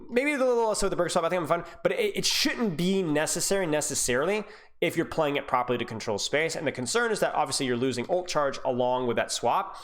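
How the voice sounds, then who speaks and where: A man's voice: fairly high pitch, expressive, fast, a bit bright. A man coaching and streaming, casually analyzing an esports match, chatty with frequent restarts and asides to viewers. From Scottish heritage. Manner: casual, chatty, many restarts, thanks subscribers. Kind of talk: live stream game analysis.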